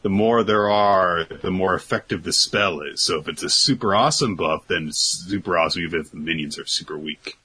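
A man's voice: low-pitched, fairly quick, hardly any pauses, sharp tone, slightly rough. A man co-hosting a podcast in casual chat, laid-back and explaining things with gaming comparisons. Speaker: podcast co-host. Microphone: computer mic on a video call.

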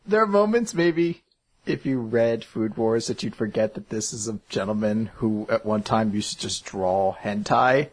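A man's voice: fairly low pitch, animated, moderate pace. A man co-hosting a podcast, an eager storyteller who laughs as he talks. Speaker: podcast co-host. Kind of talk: casual podcast chat.

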